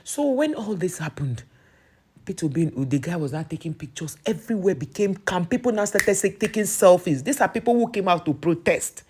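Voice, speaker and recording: A young woman with a Nigerian accent, telling a political story in casual, animated commentary full of restarts. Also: on the low side, fairly quick, background noise.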